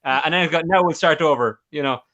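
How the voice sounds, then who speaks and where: A man co-hosting a podcast, chatting casually and quickly, often repeating his words. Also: fairly high pitch, a bit bright, muffled recording. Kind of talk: casual chat.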